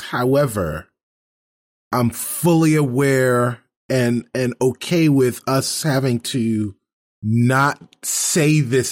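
A man on a podcast game panel, deliberate and hedging in casual chat. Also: medium pitch.

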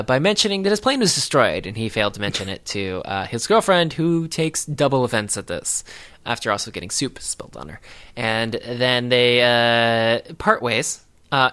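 Dude rambling thru a movie recap on a podcast, sarcastic, full of uhs. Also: male voice, mid-range voice, pushed and bright. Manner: rambling, hesitant with many fillers, wry. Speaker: podcast co-host. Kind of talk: casual film recap chat.

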